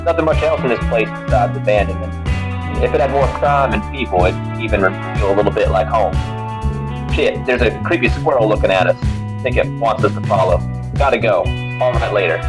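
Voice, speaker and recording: A man's voice: fairly low pitch, brisk, over music, natural voice. A man voicing a crude, wisecracking male adventurer from the city, reading out his letter in a wry, teasing way that swears freely.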